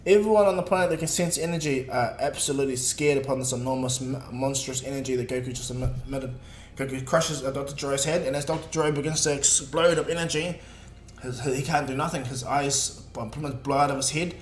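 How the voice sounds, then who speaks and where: A man's voice: medium pitch, steady tone, fast talker, slight background noise. A man casually narrating a fan-made story, rambling with restarts and fillers. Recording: echoey room, faint music.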